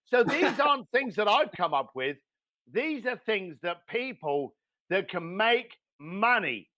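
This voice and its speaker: A man giving blunt, animated business advice as a podcast guest, swearing now and then. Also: high-pitched, unhurried. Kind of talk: motivational business talk.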